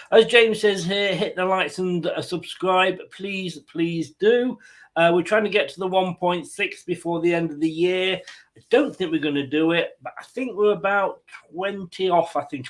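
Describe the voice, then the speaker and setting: A man hosting a fan live stream, chatting casually and rambling with jokey asides. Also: on the high side. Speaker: fan channel host.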